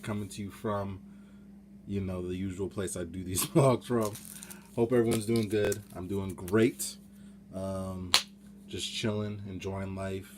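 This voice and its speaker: Low-voiced chatty male vlogger. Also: slight background noise. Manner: rambling, chatty, trails off quietly. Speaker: vlog host. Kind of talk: casual vlog talk.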